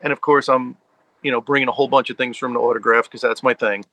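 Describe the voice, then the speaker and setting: A man's voice: mid-range voice, steady tone, quick pace, sharp tone, no echo, low-quality recording. A man from the US tri-state area telling stories in a casual sit-down conversation, with many fillers. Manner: chatty storyteller, many fillers. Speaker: guest, fan and collector.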